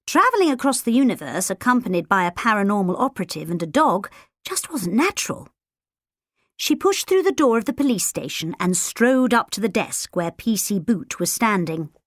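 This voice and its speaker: A woman narrating a children's storybook audiobook in a lively, expressive way. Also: mid-range voice, normal speed, dry recording, studio quality. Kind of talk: storybook narration with character voices.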